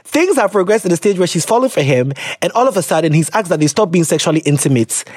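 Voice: medium pitch, animated, fast talker, darkish tone, breathy edge, no echo, studio quality. A young adult podcast host, chatting animatedly about a listener's letter, laughing and swearing, slipping into local phrases. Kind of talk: casual chat reading listener letters.

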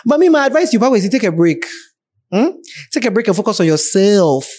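A man with a Ghanaian accent chats through relationship advice as a podcast host, his voice sitting notably high. He speaks plainly and directly to his listeners, in a casual, advising way. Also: big pitch swings, brisk, a little mellow.

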